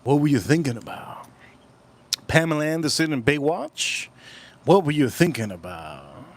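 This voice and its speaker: A man's voice: a little high, big pitch swings, normal speed. A man hosting a casual livestream, rambling and repeating his phrases as he chats with viewers at home. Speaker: livestream host.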